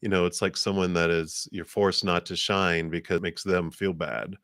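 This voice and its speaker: A man's voice: fairly even intonation, moderate pace, a bit bright, no echo, clean studio sound. A man doing a live tarot card reading, chatty and laughing often. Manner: chatty, laughs often, voices guides with sassy high "girl".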